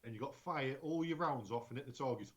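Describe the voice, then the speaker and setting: A man's voice: mid-range voice, quick pace. A man, co-host of a casual chat, swearing freely and telling jokey stories.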